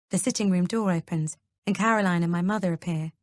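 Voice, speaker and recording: Calm, steady woman narrator for a first-person audiobook; low-pitched, dry studio read. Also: fast, few pauses, dry recording.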